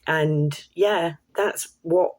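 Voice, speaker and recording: A woman telling a personal story to camera in a chatty, excitable way, with casual swearing and slang. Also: low voice, drawn-out words. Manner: chatty, excitable, laughs while telling stories. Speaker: vlogger.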